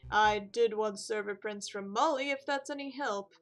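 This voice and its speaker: A woman voicing a weary male bird café owner who speaks in a dry, drawling, unhurried way. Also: mid-range voice, soft background music, close to an everyday voice.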